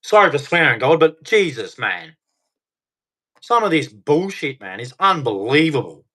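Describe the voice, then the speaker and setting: Brief: middle-aged male reaction host, fiery swearing rant, slightly higher voice. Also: big pitch swings, measured pace, pushed and bright. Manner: ranting, heavy swearing. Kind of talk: angry reaction commentary.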